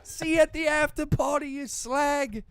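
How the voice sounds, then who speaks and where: A man doing a mocking impression of a brash Irish fighter, with a put-on Irish accent and loud taunts. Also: very high voice, normal speed, no echo, clean studio sound, voice pushed up.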